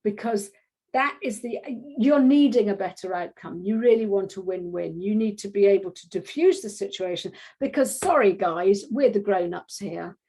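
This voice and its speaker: A woman parenting coach talking in a casual interview, animated, restarting her sentences often and acting out little quotes. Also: mid-range voice, normal speed, breathy edge. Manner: animated, acts out quotes in voices; frequent restarts and filler phrases.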